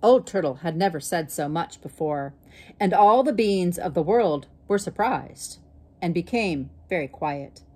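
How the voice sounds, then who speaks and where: A woman reading a picture book aloud in a slow, expressive manner. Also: on the low side, breathy edge. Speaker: storybook reader.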